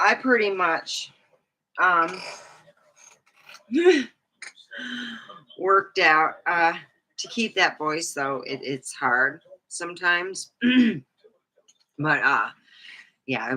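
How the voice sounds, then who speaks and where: A woman's voice: sits low, sharp tone, low-quality recording. A woman vlogger rambling in casual live-stream chat, with many fillers and asides.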